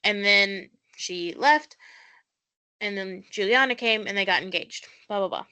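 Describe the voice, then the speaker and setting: A woman's voice: medium pitch, measured pace, pushed and bright, clear, resonant tone. A woman co-hosting a podcast, recapping a show in casual chat with many fillers and acted-out quotes. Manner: chatty, lots of "like" fillers, acts out quotes. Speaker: podcast co-host.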